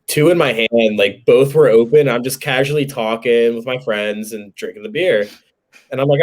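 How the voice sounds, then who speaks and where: A man's voice: mid-range voice, normal speed. A man in his twenties from New Jersey, telling a joking, swear-laden anecdote as a podcast co-host. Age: 20s. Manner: animated, joking storyteller who swears casually.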